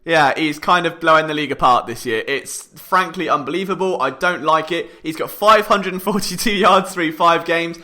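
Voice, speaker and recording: Bright-voiced young British podcast host. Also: male voice, fairly high pitch, moderate pace, few pauses. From Britain. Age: young adult. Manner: jokey, animated, self-mocking. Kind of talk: sports podcast monologue.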